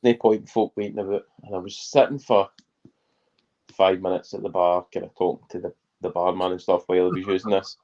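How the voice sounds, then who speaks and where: A Scottish man with a fairly low voice tells anecdotes over a video call, and the audio comes through muffled and lo-fi. His delivery is dry and unhurried, with casual swearing. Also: little pitch movement, mellow. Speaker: guest joining on call. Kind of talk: casual chat, telling anecdotes.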